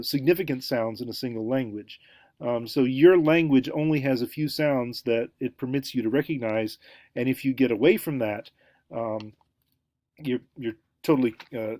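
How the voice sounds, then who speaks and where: Male lecturer, mid-pitched, halting and filler-heavy delivery, lively when demonstrating; small quiet room, dry. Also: no echo. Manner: hesitant, many fillers and restarts; animated when acting out examples. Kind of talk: casual recorded lecture.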